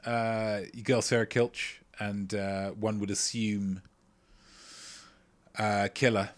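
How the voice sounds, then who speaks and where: A man hosting a casual livestream quiz, playful and self-mocking, chatting between loud remarks and mumbled asides. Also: fairly low pitch. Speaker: quiz show host.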